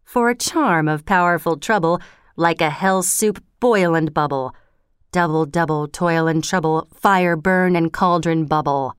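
A woman's voice: sits low, unhurried, smooth, dry recording, studio quality. A woman voicing a sinister old witch, chanting spells with a sing-song rhythm.

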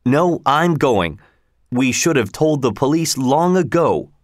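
A man's voice: medium pitch, animated, slow, no room sound, studio quality. A man voicing a flustered, determined male acting manager who talks urgently and breathlessly.

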